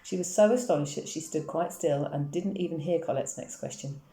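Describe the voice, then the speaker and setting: Low-voiced woman reading a novel. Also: a little fast, dark tone. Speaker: reader. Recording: echoey room.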